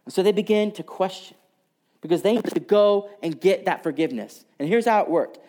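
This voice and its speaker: A man preaching a sermon, telling a story and moving between loud passages and hushed, whispered lines. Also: high voice, fairly quick. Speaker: pastor.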